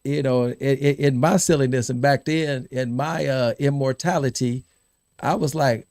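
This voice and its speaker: A middle-aged man hosting a podcast, telling lively stories about his college team, laughing and repeating himself as he goes. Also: mid-range voice, normal speed, no room sound. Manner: animated storyteller, laughs and repeats words. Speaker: podcast host. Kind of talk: casual storytelling chat.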